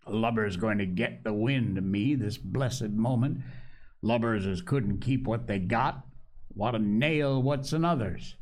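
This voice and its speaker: A man's voice: lowish voice, full character voice. A man voicing an ailing old male sea captain who craves rum, speaking in a coarse sailor's dialect with pleading and cursing.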